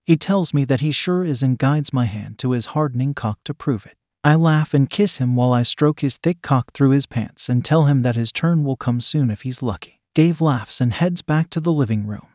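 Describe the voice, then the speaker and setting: A man reading a first-person story aloud in an even, matter-of-fact way. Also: medium pitch, normal speed, hardly any pauses, no echo, clean studio sound. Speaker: narrator.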